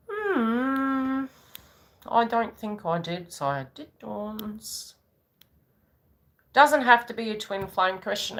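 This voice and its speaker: Lively bright-voiced woman giving a reading. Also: mid-range voice, slight background noise. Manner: chatty, rambling, acts out quoted voices. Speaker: psychic reader. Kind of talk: live-stream reading.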